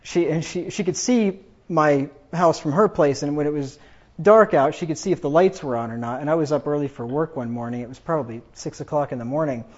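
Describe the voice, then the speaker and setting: Here a storyteller with a voice on the high side talks fairly quickly, casually rambling through family anecdotes and chuckling as he goes. The recording is dull and lo-fi.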